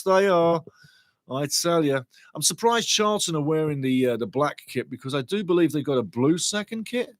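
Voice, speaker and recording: A man hosts a live football watchalong, his voice sitting a little high. He chats in an excitable, loose way and swears casually. The recording is close and dry, with no room sound. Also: no room sound. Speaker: watchalong host. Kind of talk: live fan commentary and chat reading.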